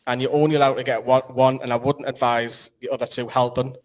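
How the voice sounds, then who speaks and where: A man's voice: mid-range voice, flat delivery, a little fast. A man with a Geordie accent hosting a casual live quiz, chatty and explaining the rules at length. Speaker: quiz host.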